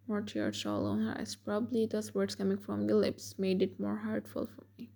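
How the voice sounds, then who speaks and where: A woman narrating a fan fiction romance story in a steady scripted read. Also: medium pitch, moderate pace, gravelly, hardly any pauses.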